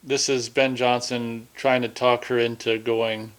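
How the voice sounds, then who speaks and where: A man's voice: medium pitch, level tone, measured pace. Rambling man chatting. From Minnesota. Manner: rambling, chatty, self-interrupting. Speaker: film commentator. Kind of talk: casual movie commentary.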